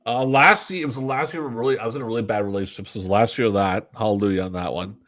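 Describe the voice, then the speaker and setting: A man from Canada co-hosting a podcast in casual chat, animated and swearing, acting out little exchanges with quoted voices. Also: on the low side, very fast. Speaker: podcast co-host.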